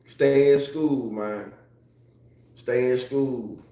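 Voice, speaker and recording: Man, casual livestream chat, profane and laughing, mid pitch, very echoey room. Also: fairly even intonation, very slow, dark tone. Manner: loose, profane, laughing often.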